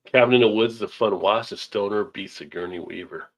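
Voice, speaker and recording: A man's voice: lowish voice, a little fast, a bit bright. A man hosting a casual live stream chat over beers, rambling and easygoing, laughing often.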